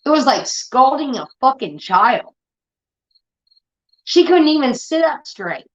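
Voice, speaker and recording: A woman's voice: high-pitched, big pitch swings, slow. A woman from Indiana hosting a livestream, ranting heatedly and swearing a lot in casual talk. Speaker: livestream host. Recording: dull lo-fi stream audio.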